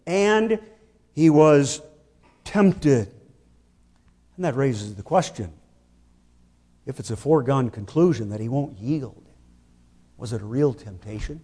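Man, sermon delivery, deliberate and emphatic, long hall reverb. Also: sits high, warm tone. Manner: slow, emphatic, rhetorical questions. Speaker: preacher.

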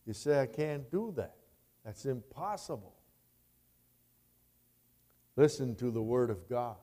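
A man, a pastor, delivering a sermon in a slow, emphatic way with dramatic rises in his voice. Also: medium pitch, lively intonation, mellow, in a large hall.

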